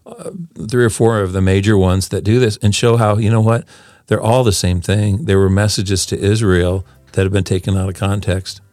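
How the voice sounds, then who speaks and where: A man with a fairly low voice lays out his teaching points in a relaxed conversation. His voice sounds dry and close to the mic. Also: moderate pace, dry recording. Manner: explanatory, makes teaching points. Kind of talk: casual scripture discussion.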